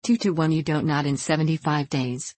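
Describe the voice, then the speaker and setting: A male frontier gambler who keeps pressing his point , voiced by a woman narrator. He sounds insistent and firm. The voice is low and the sound dry. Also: fairly quick, darkish tone, no room sound.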